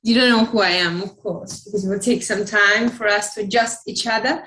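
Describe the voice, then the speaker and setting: A woman's voice: medium pitch, fairly even intonation, a little fast, pushed and bright, roomy sound, natural voice, rough recording. A woman playing a tired, self-important male fashion designer diva with an affected drawl. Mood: languid. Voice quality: affected fake upper-class accent, drawling.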